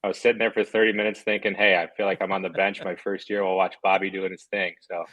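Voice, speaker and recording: A man's voice: deep voice, level tone, fast, fairly bright tone. A man in his thirties, a guest on a video call from his living room, joking in a self-deprecating way. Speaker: guest, former pro hockey player. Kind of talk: casual chat over a video call. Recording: dull, lo-fi call audio.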